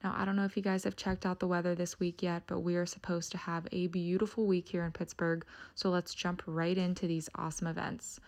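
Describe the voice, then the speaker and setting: Upbeat gravelly-voiced woman presenter. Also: on the low side, level tone, a little fast, hardly any pauses. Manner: peppy, promotional. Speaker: events segment presenter. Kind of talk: upbeat scripted event rundown.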